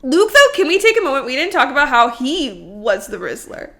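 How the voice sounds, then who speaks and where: Young woman podcast co-host, high and bright, giggly and playful in casual chat. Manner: giggly, playful, bursts into quick excited outbursts.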